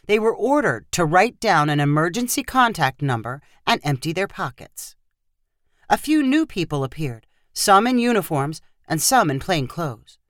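Woman narrator, lively pitch, dry close sound, story reading. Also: moderate pace, dry recording. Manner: steady, expressive storytelling.

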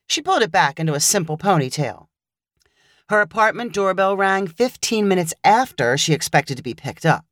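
A woman narrating a short story in a wry, expressive storytelling manner. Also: mid-range voice, no echo, clean studio sound.

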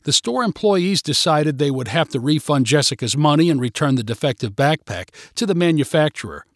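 A man narrating a short story in a clear, steady storytelling voice. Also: fairly high pitch, no echo, clean studio sound.

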